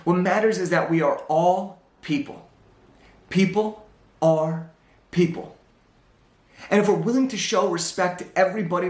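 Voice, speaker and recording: Young male motivational speaker, high, animated storyteller, echoey hall sound. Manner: animated storyteller, acts out dialogue. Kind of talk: storytelling talk on stage.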